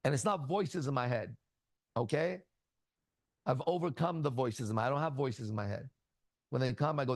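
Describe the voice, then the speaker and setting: A man's voice: mid-range voice, moderate pace, long pauses, no room sound. A man teaching in a casual spiritual talk, blunt and crude, full of profanity as he tells stories. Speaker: ministry teacher.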